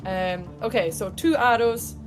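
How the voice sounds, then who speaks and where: A woman playing in a tabletop game, chatty and excitable as she describes her character's actions. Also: on the high side, unhurried, music in the background. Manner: excitable, chatty, laughs easily. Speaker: player. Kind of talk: casual tabletop play.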